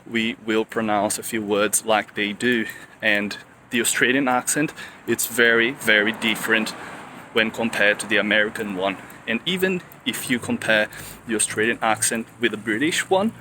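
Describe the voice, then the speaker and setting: A young man from Brazil with a Brazilian Portuguese accent, talking to camera in a casual vlog, slow and deliberate, often rephrasing himself with fillers. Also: medium pitch, sharp tone, a little hiss or hum, rough recording. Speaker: vlogger. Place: room in Australia.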